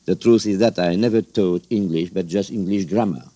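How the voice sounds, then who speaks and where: A middle-aged man speaks with a heavy French accent, his voice sitting very low. He answers questions slowly and carefully, pausing with little fillers as he reaches for the right words in English, which is not his first language. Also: mellow. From France. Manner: measured, hesitant, searching for words. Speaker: political guest. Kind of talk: broadcast interview answers.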